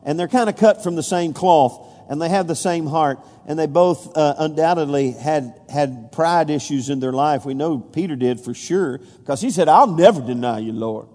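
A man's voice: on the high side, normal speed, few pauses, mellow. A pastor preaching a folksy sermon, stumbling over fillers and restarts, then rising with emphasis when he reads scripture. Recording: long reverb of a large hall.

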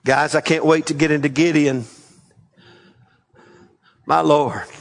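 A man's voice: fairly high pitch, fairly even intonation, takes it slowly, creaky. A man preaching a fiery, emphatic sermon, rallying the congregation with frequent exclamations.

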